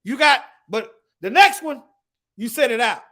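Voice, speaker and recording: A man's voice: extremely high pitch, expressive, unhurried, sharp tone. A man teaching the Bible in an emphatic preaching style, reading scripture aloud and addressing his listeners directly. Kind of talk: preaching to an online audience.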